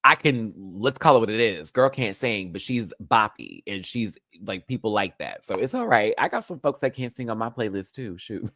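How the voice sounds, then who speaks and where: A man hosting a casual live review, campy and sassy, laughing often and swinging his pitch wildly. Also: expressive, moderate pace, sharp tone, dry recording, clean studio sound. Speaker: show host, reality TV reviewer.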